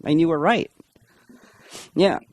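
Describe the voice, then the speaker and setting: A woman's voice: deep voice, slow pace, darkish tone. A middle-aged woman, a podcast guest, telling stories in a chatty way and often laughing between lines. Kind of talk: casual storytelling.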